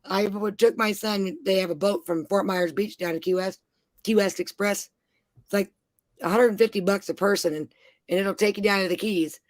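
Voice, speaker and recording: A woman's voice: mid-range voice, fairly even intonation, moderate pace, no echo. Foul-mouthed woman telling road-trip stories. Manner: profane, rambling storyteller. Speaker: parent telling travel stories. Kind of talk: casual chat.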